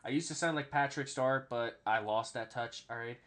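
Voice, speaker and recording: Bright-voiced rambling podcast host. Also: male voice, medium pitch, moderate pace. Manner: rambling storyteller, keeps adding "all right?", swears freely. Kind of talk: casual sports podcast chat.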